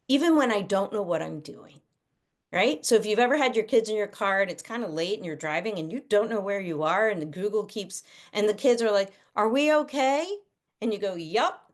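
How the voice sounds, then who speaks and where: A middle-aged woman talks through parenting ideas over a video call. She speaks casually and with plenty of life, and she often drops into quick impressions of children and parents as she explains. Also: medium pitch. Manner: animated, acts out kids' and parents' voices. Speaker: guest parenting expert.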